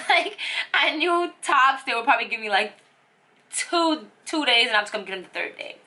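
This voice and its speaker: A woman's voice: high-pitched, animated, normal speed, sharp tone. A young woman telling a personal story on her vlog, emotional and rambling with lots of fillers. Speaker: vlogger.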